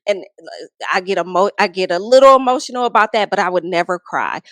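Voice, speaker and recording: A young adult woman chatting candidly as a podcast guest, animated and emphatic, with frequent swearing. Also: medium pitch, quick pace, no room sound. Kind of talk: candid casual chat.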